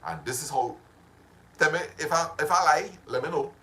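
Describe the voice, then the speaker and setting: A man's voice: fairly high pitch, normal speed. A man hosting a casual motivational live stream. He repeats himself and breaks off to greet his viewers. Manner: animated, repetitive, drifts into greeting viewers.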